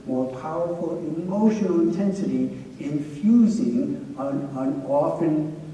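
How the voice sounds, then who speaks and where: A man's voice: on the high side, measured pace, dark tone, far from the mic. A middle-aged man gives a chatty talk to students, telling anecdotes with frequent "you know" fillers. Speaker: presenter. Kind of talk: lecture to students. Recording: echoey hall heard from afar.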